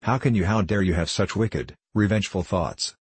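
A man voicing a timid, gentle young woman in a storybook reading, shocked and pleading. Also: low-pitched, normal speed, slightly rough, dry recording.

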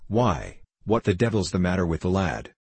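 A man's voice: low voice, big pitch swings, normal speed, darkish tone, slightly rough, no echo, full character voice. A man reading the part of a jovial, good-natured older locksmith teasing his household. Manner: hearty, teasing storyteller.

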